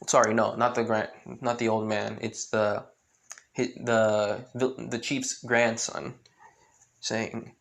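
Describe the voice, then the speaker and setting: A man's voice: fairly low pitch, flat delivery, slow pace, gravelly, fairly bright tone. A man improvising fan-fiction narration, rambling, with many restarts. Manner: rambling, full of restarts and with-clauses. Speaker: fan storyteller.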